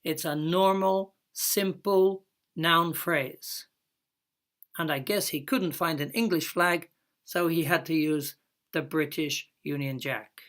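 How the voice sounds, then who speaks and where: A woman teaching a recorded English lesson at a very unhurried pace. Her voice sits a little low for a woman, and she draws out each example phrase carefully. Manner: slow, careful explaining with drawn-out example words.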